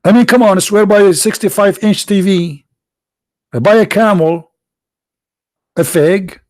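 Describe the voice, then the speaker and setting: A man's voice: sits high, a little slow, a little mellow, no room sound, clean studio sound. A male video host and preacher talking in a sarcastic, mocking monologue full of rhetorical questions, his voice sounding tired.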